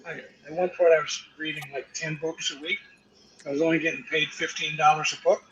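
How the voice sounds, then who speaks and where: An older man, a guest actor, telling profane, animated stories about his career to a live audience and acting out the quotes. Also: a little high, fairly quick, highs cut off, a little hiss or hum. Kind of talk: anecdotal storytelling to a live audience.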